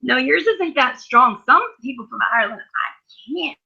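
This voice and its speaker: High gravelly woman, rambling storyteller. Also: lively intonation, moderate pace, pushed and bright. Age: 30s. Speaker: livestream host. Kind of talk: casual chat. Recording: muffled lo-fi stream audio.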